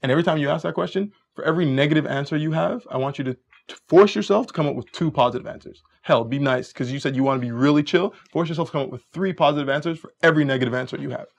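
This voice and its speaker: A dating coach with a higher voice and vocal fry talks very fast as he gives casual dating advice. He's an animated storyteller who acts out both sides of the conversations he describes.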